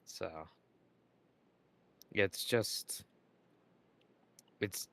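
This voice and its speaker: A man chatting casually on a stream in a slow, laid-back way. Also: bright, forceful tone, dry recording. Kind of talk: casual chat.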